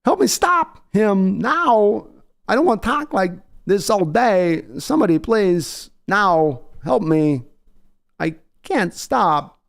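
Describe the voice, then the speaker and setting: A quirky, halting voice of a man who cannot stop talking in a celebrity impression, pitched well above his normal register and delivered in odd, jerky phrases, as a host puts it on for laughs. The voice rings smooth and clear. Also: sing-song, full character voice. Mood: panicked. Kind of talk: comic impression on a live stream.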